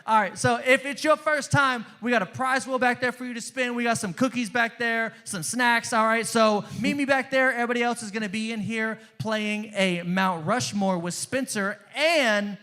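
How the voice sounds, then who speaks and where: Brief: male youth leader, high voice, hurried loud announcements in a church youth room. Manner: loud and hurried, repeating himself.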